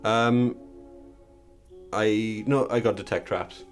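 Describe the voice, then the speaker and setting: A man playing a tabletop game, explaining his character's actions in a relaxed way. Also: fairly low pitch, slow, faint music behind. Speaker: player.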